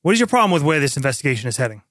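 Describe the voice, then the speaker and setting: A gruff, bossy police lieutenant, as a man puts him on for a tabletop radio-style scene. He scolds bluntly and impatiently, in a slightly higher voice. The sound is dry and close. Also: big pitch swings, very fast, fairly bright tone, dry recording. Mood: pressuring.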